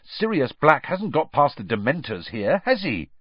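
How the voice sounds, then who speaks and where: A man's voice: mid-range voice, sing-song, measured pace, breathy edge, no room sound, pitched above the performer's own voice. A man doing a determined teenage schoolboy. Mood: pointed. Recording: dry, slightly dull audio.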